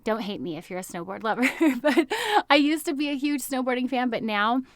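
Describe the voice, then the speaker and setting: A woman's voice: a little high, brisk, no echo, studio quality. A woman in her thirties from the United States, a health coach telling a story in a casual, upbeat way, with lots of "like" and frequent laughter. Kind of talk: casual podcast monologue.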